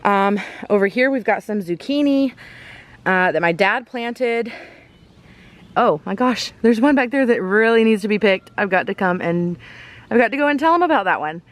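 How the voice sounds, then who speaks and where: Woman, casual garden-tour vlogger, rambling and breathy, mid-pitched voice. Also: expressive, normal speed. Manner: chatty, rambling, many ums and self-corrections. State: out of breath from walking fast. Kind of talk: casual walking tour chat. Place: outdoors in a garden.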